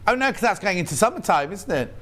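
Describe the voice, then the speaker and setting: Yorkshire guy hosting a live tv sales show, kinda high voice, jokey and chatty. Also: very animated, fast talker, fairly bright tone. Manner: chatty, playful, jokey asides. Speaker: shopping channel presenter.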